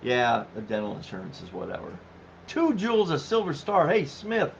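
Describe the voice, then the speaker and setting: Gravelly middle-aged guy chatting on his live stream, laughs a lot, kinda dull lo-fi sound w/ faint hiss. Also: huge pitch swings, moderate pace. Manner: chatty, laughs easily, reads comments aloud. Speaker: livestream host reading chat. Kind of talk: casual live-stream chat. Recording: dull low-fi stream audio with faint noise.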